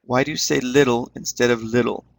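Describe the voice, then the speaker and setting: Guy running an online class, kinda gravelly, keeps cheering folks on and repeating words. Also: medium pitch, fairly even intonation, brisk. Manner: encouraging, repeats words while explaining. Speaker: webinar instructor. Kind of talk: online teaching webinar.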